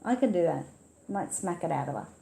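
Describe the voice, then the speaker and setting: A woman's voice: fairly low pitch, animated, brisk, vocal fry, mellow, reverberant. An Australian woman hosting a casual livestream, chatting and reading viewer comments aloud at her computer. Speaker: livestream host.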